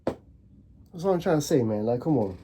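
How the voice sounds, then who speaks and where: A young man hosting his own channel, ranting casually to camera in a fired-up way, stumbling and repeating words, his voice leaping higher on emphatic points. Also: expressive, normal speed, mellow, a little hiss or hum. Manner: frequent restarts and repeated words. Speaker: video host.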